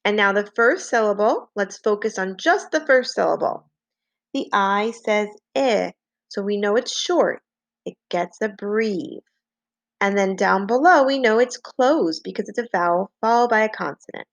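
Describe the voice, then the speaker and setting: A woman teaching a phonics lesson to young children, slowly and patiently dictating and spelling out words. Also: mid-range voice, dry recording. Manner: slow, clear, patient dictation with repeated words.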